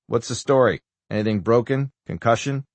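A man's voice: mid-range voice, moderate pace, no room sound, lightly acted. Guy doing a stern no-nonsense agent, bossy, dry sound. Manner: stern, commanding. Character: stern male federal agent in charge. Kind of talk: audiobook character voice.

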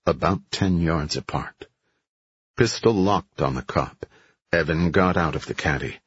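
A man reading a thriller audiobook in a measured, steady way. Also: extremely low pitch, breathy edge, highs cut off. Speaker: audiobook narrator. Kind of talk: scripted narration.

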